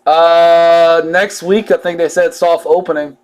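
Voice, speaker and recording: A man's voice: fairly high pitch, flat delivery, a little slow, clear, resonant tone. A man chatting casually while he opens trading cards on a live break, drawling and joking as he reads out each card.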